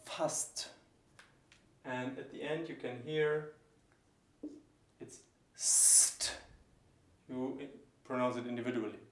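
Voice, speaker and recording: A man teaching German pronunciation, explaining each sound and slowly repeating example words. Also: medium pitch, fairly even intonation, roomy sound. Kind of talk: pronunciation lesson.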